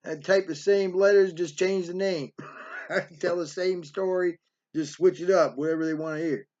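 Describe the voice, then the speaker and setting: Streetwise guy in his 50s spinning a yarn, high-ish voice, kinda muffled lo-fi audio. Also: steady tone, moderate pace, darkish tone. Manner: streetwise, blunt, peppered with "man" and "right?". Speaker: storyteller. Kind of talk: casual spoken storytelling. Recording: dull lo-fi recording.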